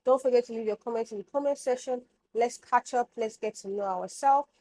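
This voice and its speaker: A woman's voice: a little high, fairly quick, warm tone, rough recording. A young woman vlogger giving hygiene advice to camera, frank and emphatic, scolding like a big sister and repeating her points. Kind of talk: casual advice chat to camera.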